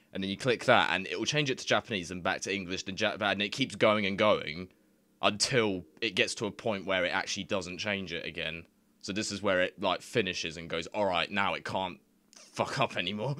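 Giggly low-voiced young man rambling. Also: pushed and bright, dry recording. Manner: giggly, rambling, swears casually. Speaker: YouTuber. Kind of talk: casual screen-recording commentary.

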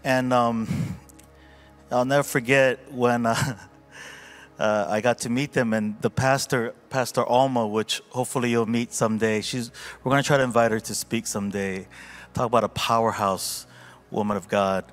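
A man's voice: medium pitch, steady tone, moderate pace, soft background music. A man pastor speaking informally at a church service, telling a heartfelt story with many fillers and restarts. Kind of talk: informal church testimony and reflection.

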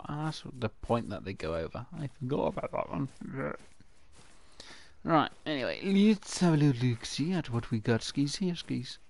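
Gravelly man rambling over gameplay. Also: medium pitch, sing-song, normal speed, darkish tone. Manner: rambling self-talk, answers himself in silly voices. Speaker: gaming channel host. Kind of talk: casual gameplay commentary.

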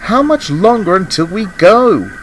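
A man voicing a small, boastful, excitable male tank engine in a storybook reading. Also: a little slow, slight background noise. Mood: excited. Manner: eager, boastful, high-spirited. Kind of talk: storybook voice acting.

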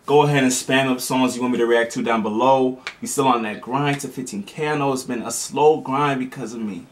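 A man's voice: medium pitch, fairly even intonation, brisk, hardly any pauses. A young man with an American accent hosts a casual music reaction, talking in loose slang. He laughs often and gets worked up over what he hears, in an ordinary mid-range voice. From United States.

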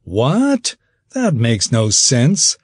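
A man voicing a defensive fifteen-year-old boy who takes offense quickly. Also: medium pitch, wildly swooping pitch, breathy edge, dry recording, studio quality, voice pushed up, heavily acted. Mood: indignant. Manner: indignant, quick to anger.

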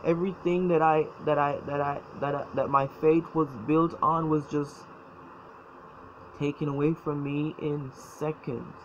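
Man giving a halting personal testimony, restarts a lot, slightly dull lo-fi sound. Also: a little high, flat delivery. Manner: halting, repeats words, emotional. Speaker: former church member telling his story. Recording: dull lo-fi sound, faint noise.

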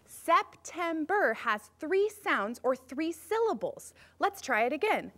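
High, lively woman music teacher. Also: takes it slowly. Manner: upbeat, guiding movement warm-ups. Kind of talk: children's music lesson.

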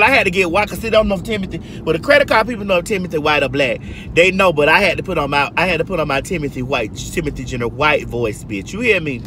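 A woman in her forties, telling stories to her viewers in a sassy, chatty way while driving, calling them girl and honey. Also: sits low. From Georgia, US. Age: 40s. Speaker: livestream host. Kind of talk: casual storytelling to viewers. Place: inside a car while driving. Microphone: phone. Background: car and road noise.

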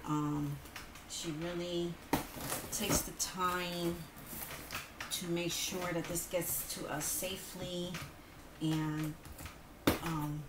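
A woman vlogger unboxing mail at home, talking slowly and gently with heartfelt thanks to God and her viewers. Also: sits low. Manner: slow, gentle, religious and thankful. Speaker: yarn crafting vlogger. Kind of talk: casual unboxing chat. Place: hot home room with a fan behind. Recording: faint fan noise.

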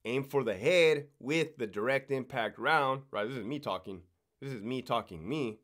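A man in ordinary mid-range pitch who worked as a prison guard, talking shop in a loose podcast chat. He is blunt and swears freely. He checks in with his listeners by tagging his points with "right?". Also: moderate pace, a bit bright. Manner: blunt and profane, explaining rules with lots of swearing. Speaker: former correctional officer.

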